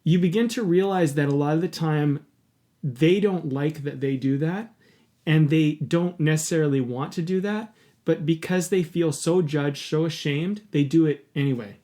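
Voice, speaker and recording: A man's voice: fairly high pitch, normal speed, dark tone. A man hosting a podcast, telling a personal story in an earnest, candid way and swearing casually. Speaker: podcast host.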